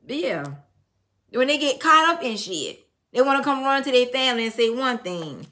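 A woman's voice: high voice, big pitch swings, normal speed, pushed and bright. A middle-aged woman giving a casual tarot reading, blunt and emphatic, telling stories and swearing freely. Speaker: tarot reader.

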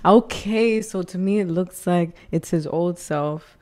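A woman hosting a reaction video, talking in a chatty, expressive way and swearing casually as she reacts. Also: on the low side, measured pace.

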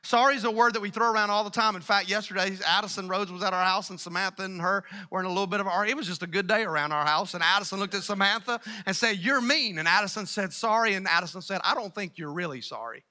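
High, very bright preaching man. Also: fast, hardly any pauses. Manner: energetic, calls out to the congregation. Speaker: pastor. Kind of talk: sermon.

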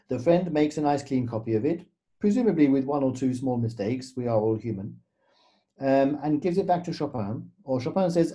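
A man's voice: a little high, animated, moderate pace, dark tone. A man, a guest pianist, explaining in a storytelling way with frequent fillers and tag questions. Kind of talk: conversational explanation.

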